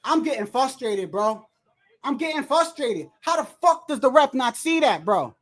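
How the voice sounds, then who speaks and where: Man, high-pitched streamer voice, profane fight reactions, frustrated and animated. Says "bro" a lot. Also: moderate pace. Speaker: livestream host watching a boxing match. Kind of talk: excited live reaction commentary.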